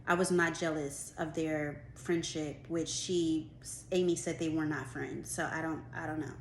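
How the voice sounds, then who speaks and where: A woman in her twenties telling a work story in a casual storytime vlog, animated and full of "like", acting out what others said. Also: sits low, measured pace. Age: 20s. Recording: roomy room with faint background noise.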